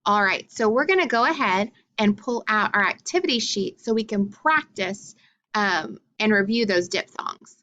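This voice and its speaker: A woman teacher explaining phonics spelling rules clearly and checking in with her students. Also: medium pitch, animated, moderate pace, pushed and bright.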